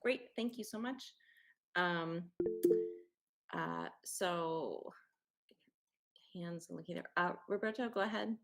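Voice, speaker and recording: A woman's voice: lowish voice, takes it slowly, long pauses, a bit bright. A woman chairing a school council meeting, speaking hesitantly with many fillers.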